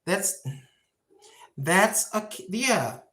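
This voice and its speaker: A woman's voice: medium pitch, sing-song, very slow, fairly bright tone. An older woman vlogging in a chatty, rambling way, repeating herself and laughing at her own asides. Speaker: cooking and lifestyle vlogger. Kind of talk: casual rambling monologue.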